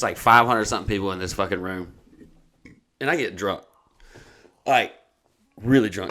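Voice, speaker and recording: A man's voice: on the low side, bright, forceful tone. A man telling a long, profane, rambling story in casual podcast talk. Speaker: comedian.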